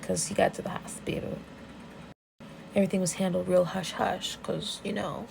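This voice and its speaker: Gravelly young woman gushing over a story. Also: lowish voice, normal speed, a little hiss or hum, low-quality recording. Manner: animated, profane, laughing storyteller. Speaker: vlogger. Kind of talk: casual story recap.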